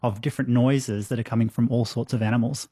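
A man's voice: mid-range voice, fairly even intonation, fast, warm tone, breathy edge, no room sound, clean studio sound. A man, a scientist answering a radio interviewer with enthusiastic explanations and frequent restarts. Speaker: marine biologist guest.

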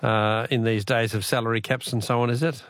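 A man's voice: medium pitch, little pitch movement, fairly quick, a bit bright, no room sound. A middle-aged Australian man hosting a call-in radio quiz, jokey and chatty, laughing often.

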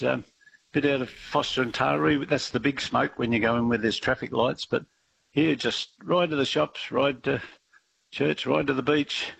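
Gravelly man in his seventies. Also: medium pitch, a bit bright, poor audio. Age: 70s. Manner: halting, plain-spoken, hesitant with fillers. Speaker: caller. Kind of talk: casual phone-in chat.

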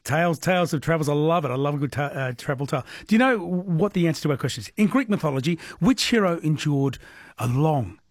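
A man hosts a late-night radio quiz in a chatty, easy way. His voice sits fairly high and a little husky. It is recorded close and dry in the studio. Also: lively intonation, dry recording. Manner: chatty, laughs often, quick to react. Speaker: radio host. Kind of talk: overnight radio quiz chat. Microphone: studio microphone.

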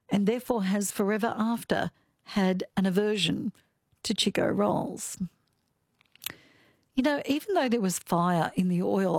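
A woman's voice: mid-range voice, creaky, a little mellow, no room sound. Australian woman talkback host, chatty and playful, dry studio sound. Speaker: radio host. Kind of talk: casual talkback radio. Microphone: studio microphone.

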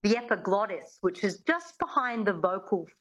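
Woman dialect coach walking someone thru an accent, slow careful demos. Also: mid-range voice, big pitch swings, fairly bright tone, slight background noise, low-quality recording. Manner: patient, demonstrating sounds slowly. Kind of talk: teaching accent on radio.

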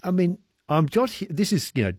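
A man's voice: high-pitched, big pitch swings, brisk, darkish tone, dry recording, clean studio sound. A man hosting a radio interview, asking curious, rambling questions with a wry touch. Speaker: radio host.

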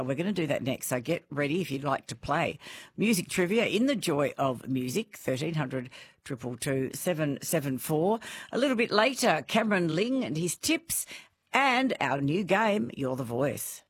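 A woman's voice: deep voice, breathy edge. An Australian woman hosting a radio show, chatting casually with callers and laughing easily. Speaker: radio host. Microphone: studio microphone.

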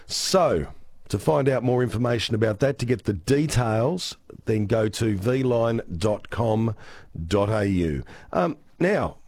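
A man with an Australian accent and a croaky voice, presenting a chatty, upbeat radio weather and traffic update. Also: fairly low pitch, unhurried, darkish tone.

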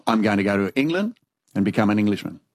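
A man's voice: on the low side, quick pace, no room sound. Australian older man telling stories. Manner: animated anecdotal storyteller, acts out dialogue. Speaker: interviewee. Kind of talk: storytelling conversation.

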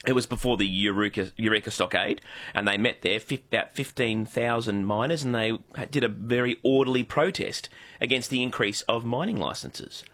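A man's voice: medium pitch, a little fast, a bit bright. An Australian man co-hosting a casual radio chat, enthusiastic and jokey. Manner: enthusiastic, jokey, talks up local history. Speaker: radio co-host.

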